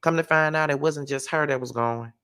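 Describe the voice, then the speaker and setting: A man's voice: a little high, a little fast, pushed and bright, clear, resonant tone. A man telling a personal story to camera in a casual storytime vlog, emphatic and profane. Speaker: vlogger.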